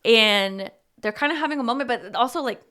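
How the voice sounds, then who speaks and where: A woman's voice: on the high side, fairly quick. Young woman animatedly retelling a movie. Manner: animated storytelling, acting out lines, swears casually. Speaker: podcast co-host. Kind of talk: casual chat retelling a movie plot.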